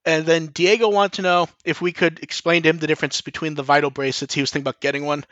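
A man's voice: a little high, little pitch movement, fast, fairly bright tone, dry recording, highs cut off. A man co-hosting a casual podcast, reading out listener questions and answering them in a rambling, self-correcting way.

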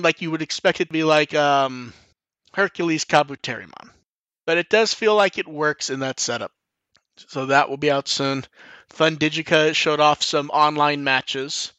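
A man hosts a podcast in relaxed, rambling chat, peppering his sentences with fillers and restarts. His voice sits a little high and sounds bright and tense. The recording is dry and close, with no room sound. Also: a little slow, no echo. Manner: rambling, frequent 'like' and restarts, swears casually. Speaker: podcast host. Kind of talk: casual chat.

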